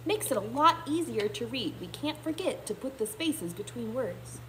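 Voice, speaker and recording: A woman kindergarten teacher reading a picture book aloud, pausing to explain in a gentle, thinking-aloud way. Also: on the high side, expressive, background noise.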